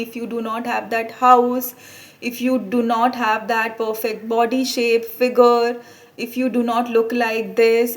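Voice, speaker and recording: Self-help vlogger, Indian English woman, higher voice, earnest and repetitive, phone-shot at home. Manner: earnest, repetitive, switches into Hindi mid-sentence. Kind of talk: casual talking-to-camera reflection. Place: her room at home. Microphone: phone camera.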